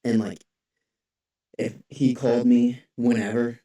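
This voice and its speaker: A young man co-hosting a casual podcast, telling stories in a rambling way, full of restarts and filler words. His voice is mellow and dark, and it is heard from a distance in an echoey room. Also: medium pitch, steady tone, a little slow. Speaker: podcast co-host. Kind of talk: casual chat. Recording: echoey room, far from the mic.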